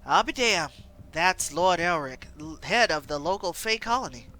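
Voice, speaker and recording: Woman voicing a sly wealthy man, dry and knowing, lively bright tone, game story read aloud. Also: fairly low pitch, moderate pace, faint music behind, pitched below the performer's own voice.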